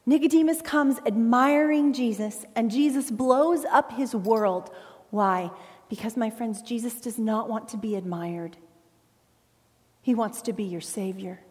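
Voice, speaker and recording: A woman's voice: on the high side, darkish tone. Woman preaching in a reverberant hall. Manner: earnest preaching with emphatic pauses. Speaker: pastor. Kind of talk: sermon. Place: church sanctuary.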